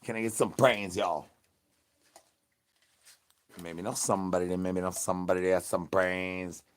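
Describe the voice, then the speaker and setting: A man's voice: sits low, flat delivery, moderate pace, clean tone, natural voice. A man performing a rowdy, crude, hungry male zombie in an improvised comedy rant, rambling through sing-song nonsense rhymes. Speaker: comedy channel host.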